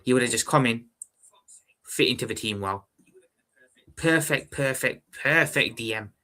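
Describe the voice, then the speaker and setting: A young man hosting a casual football fan live stream, talking calmly and evenly while reading out viewer comments. He often repeats himself and calls viewers brother. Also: medium pitch, a little slow. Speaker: football fan livestream host.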